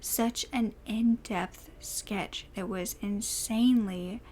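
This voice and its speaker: A woman telling a true crime story in a soft voice that often drops to a whisper. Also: mid-range voice, fairly even intonation, slow, slight background noise.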